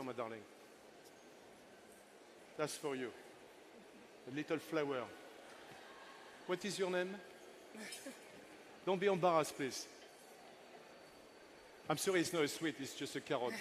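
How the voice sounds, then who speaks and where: A man's voice: on the high side, expressive, normal speed, pauses often, a little hiss or hum. A man in his sixties, a chef giving a live cooking masterclass on a festival stage, chatty and playful with his helpers and the crowd.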